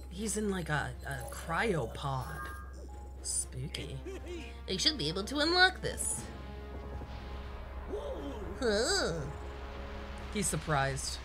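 A woman's voice: sits low, very animated, slow pace, pauses often. A woman giving playful, chatty and mildly profane commentary while playing a video game. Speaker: gameplay commentator. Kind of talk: let's play commentary. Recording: game music behind the voice.

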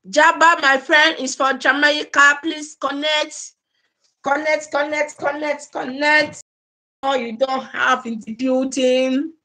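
A woman's voice: high-pitched, bright, forceful tone. A Nigerian woman hosting a casual livestream on a phone or laptop mic, repeatedly pleading with and effusively thanking her viewers. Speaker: livestream host.

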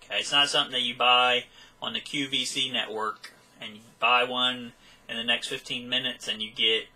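A man's voice: medium pitch, level tone, moderate pace, sharp tone, poor audio. A man teaching a Sunday school Bible lesson in a conversational way, often checking in with "okay" and chuckling now and then. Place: church classroom.

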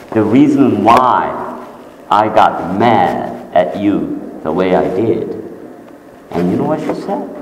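A male pastor telling a story in a sermon, his voice climbing when excited and sinking soft and low. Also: a little hiss or hum. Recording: echoey church hall.

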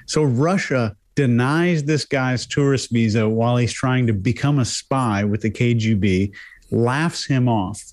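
A man's voice: mid-range voice, a little slow, darkish tone. A man in a casual panel discussion, explaining his point with simple examples. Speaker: body language analyst.

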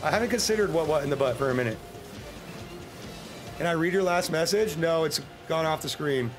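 A man's voice: fairly high pitch, brisk, soft background music. Joking American man streaming a game. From United States. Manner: joking, rambling, with sudden excited yelps. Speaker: livestreamer. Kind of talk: casual gameplay livestream commentary.

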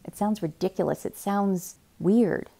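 Soft-spoken woman reading a novel aloud. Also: mid-range voice, gravelly. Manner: quiet, measured first-person narration. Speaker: reader.

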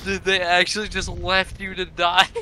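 High, bright-voiced man giggling at a game. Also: completely flat delivery, moderate pace. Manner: giggly and amused. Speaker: gamer. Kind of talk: casual gaming chat.

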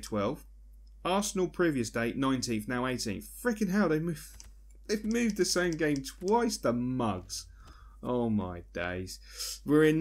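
Excitable gamer man, cursing. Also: mid-range voice. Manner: excitable, swears and yells at the game. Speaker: gaming YouTuber. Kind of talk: live football game commentary.

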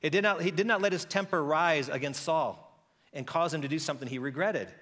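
A man preaching a sermon as pastor, telling a story in a lively conversational way and acting out the characters' voices. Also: a little high, brisk, long reverb tail. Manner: conversational with frequent restarts.

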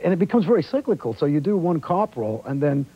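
A fast-talking actor with a higher, slightly rough voice trades casual stories on a talk show, relaxed and animated. He's from Australia but speaks with a New York accent, and the clip has the dull quality of 1990s lo-fi TV tape.

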